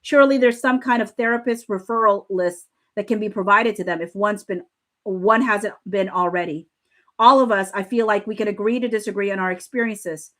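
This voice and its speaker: A woman's voice: mid-range voice, a little fast, fairly bright tone. A woman on a live stream reading text messages aloud and reacting, often laughing and close to tears. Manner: emotional, laughing and near tears while reading. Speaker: livestream commentator. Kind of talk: casual live commentary reading texts aloud.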